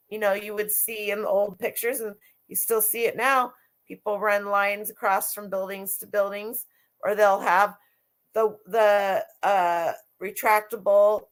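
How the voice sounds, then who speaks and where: A woman's voice: mid-range voice, a bit bright. A middle-aged woman who resells vintage clothing, chatting casually and rambling on a live stream with lots of restarts.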